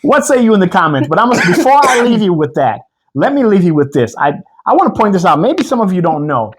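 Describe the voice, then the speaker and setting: A man co-hosting a casual couch chat, animated and preachy, slowing down to read scripture aloud. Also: high-pitched, husky. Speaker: co-host.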